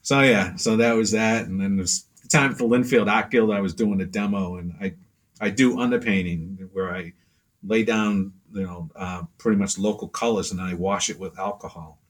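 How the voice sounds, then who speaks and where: A pastel artist with a lowish voice chats casually at a moderate pace during an interview. He wanders through his stories, filling them with fillers and acting out other people's lines.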